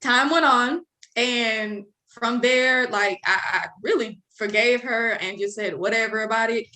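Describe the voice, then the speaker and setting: Young woman, high bright voice, lively storyteller, roomy echo. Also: unhurried. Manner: animated, acts out quoted people. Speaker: guest. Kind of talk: casual storytelling chat.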